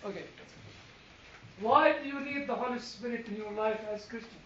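At normal speed and in a very high pitch, a man guides a church Bible class through discussion, animated, asking questions, joking about himself. A slight hiss or hum runs through the dull, echoey audio from a far-off room mic.

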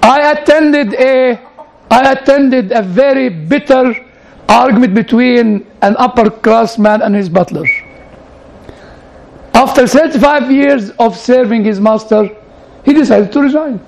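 High, creaky-voiced male preacher. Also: unhurried, a little mellow, rough recording. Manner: chatty, leans on "you know" and audience asides. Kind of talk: conversational sermon to an audience.

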